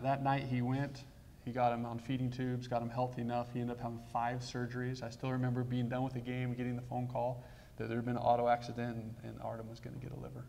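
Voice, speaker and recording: Man telling a story in a flat voice. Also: mid-range voice. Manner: storytelling, halting restarts, quiet asides. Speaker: guest speaker. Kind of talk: personal story talk.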